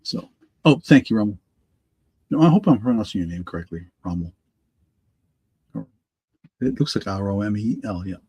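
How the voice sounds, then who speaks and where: A middle-aged man hosting a live online auction, congested from allergies and slightly raspy, rambling and correcting himself as he answers viewers by name. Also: fairly low pitch, lively intonation, normal speed, long pauses, dark tone. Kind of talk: live-stream auction chat.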